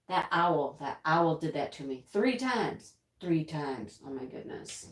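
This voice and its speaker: A woman chats her way through a casual livestream, reading viewers' comments aloud and rambling from one thought to the next. She speaks at an unhurried, drawn-out pace, and the room around her rings with echo. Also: sits low, lively intonation. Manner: chatty, rambling, reads chat aloud, laughs often. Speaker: livestream host.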